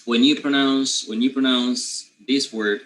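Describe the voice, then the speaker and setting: A man from Panama with a Panamanian accent, a native Spanish speaker teaching English pronunciation, who often clears his throat and keeps checking in with his students. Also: mid-range voice, steady tone, measured pace, a bit bright, slight background noise, low-quality recording. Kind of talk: pronunciation lesson.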